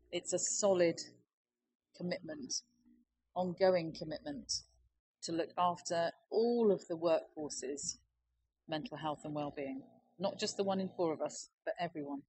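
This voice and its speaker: Low-voiced woman giving a talk. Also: unhurried, darkish tone, a little hiss or hum, poor audio. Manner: plain, persuasive, explaining with figures. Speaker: conference speaker. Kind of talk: conference presentation.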